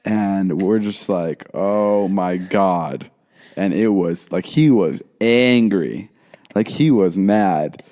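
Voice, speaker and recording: Young man, podcast co-host, casual rambling story, low-ish voice, lively quoting. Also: slow. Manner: rambling, animated quoting of others.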